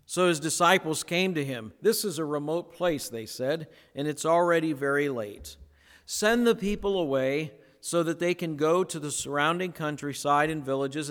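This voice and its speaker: A pastor preaching a sermon in a slow, conversational way, slipping into playful voiced asides when he retells a story. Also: fairly high pitch, a bit bright, long reverb tail.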